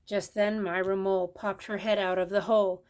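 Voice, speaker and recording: Older woman, grandmother, reading picture book aloud, expressive, mid-pitched. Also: normal speed, slight background noise. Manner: expressive, lively storytelling. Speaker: storybook reader.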